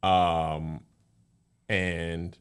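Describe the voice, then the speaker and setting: A low-voiced man trading jokes as a podcast co-host. He keeps it casual and playful, quick with a crude quip. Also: clean tone. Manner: playful, joking, lively reactions. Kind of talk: casual chat.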